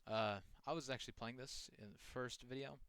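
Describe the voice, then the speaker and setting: A man's voice: medium pitch, brisk, a bit bright, clear, resonant tone, no room sound. A young man talking loosely over a horror game he is playing, rambling and restarting his sentences with many fillers. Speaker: gaming channel host. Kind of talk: casual gameplay commentary.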